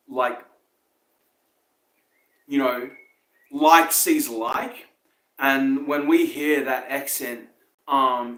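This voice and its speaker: A man's voice: medium pitch, a bit bright, roomy sound, rough recording. A man with a New Zealand accent, a podcast host rambling through a casual monologue full of swearing, fillers and chuckles.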